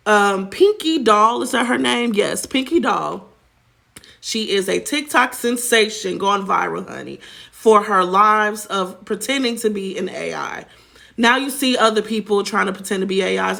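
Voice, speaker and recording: A woman's voice: medium pitch, moderate pace, creaky, a bit bright. A woman hosting a celebrity gossip show, chatty and sassy, calling her viewers child and honey. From United States. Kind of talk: casual celebrity gossip commentary.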